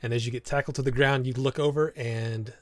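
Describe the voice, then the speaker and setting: A man's voice: mid-range voice, fairly even intonation, a little fast, no echo, soft background music. Laid-back male game master. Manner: laid-back narration with frequent laughs and fillers. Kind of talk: narrating a tabletop game.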